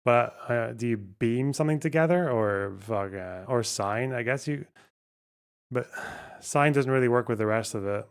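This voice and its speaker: Slow, muttering male streamer. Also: mid-range voice, creaky, clear, resonant tone. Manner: slow, muttering, trails off and swears casually. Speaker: livestream host. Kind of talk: casual livestream, thinking aloud over a word puzzle.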